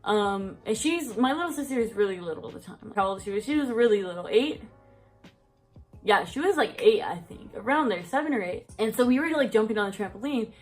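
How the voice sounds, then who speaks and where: A woman's voice: medium pitch, lively intonation, a little fast, faint music behind. A young woman telling a story on her vlog in casual chat, rambling with lots of fillers and a bit out of breath. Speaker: vlogger.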